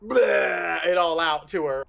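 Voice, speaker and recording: A woman streamer in casual chat about a game, excitable and swearing, acting out her own reactions. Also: lowish voice, slow pace, vocal fry.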